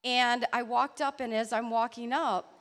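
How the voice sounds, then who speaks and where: A woman telling a personal faith story in an earnest, halting way. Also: a little high, steady tone, in a large hall. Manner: earnest, halting storytelling with restarts and soft laughs. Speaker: church member sharing a testimony. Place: church hall.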